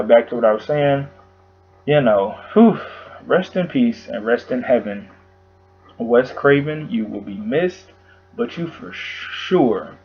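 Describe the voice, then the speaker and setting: A vlogger close to tears gives an emotional tribute, speaking haltingly with long pauses, sighs and fillers. His voice is medium in pitch, and the recording sounds muffled.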